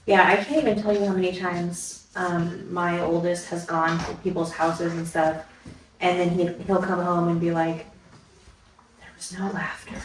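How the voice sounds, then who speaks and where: A woman's voice: fairly low pitch, flat delivery, normal speed, a little hiss or hum. Reflective woman in an echoey room. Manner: reflective, tells personal stories. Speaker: podcast co-host. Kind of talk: casual chat. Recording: echoey room, far from the mic.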